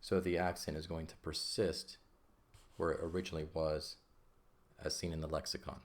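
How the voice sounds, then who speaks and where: A man's voice: rumbling low, flat delivery, normal speed. A man teaching an ancient Greek lesson in a patient, casual way, often checking in with "okay?". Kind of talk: casual lesson explaining grammar.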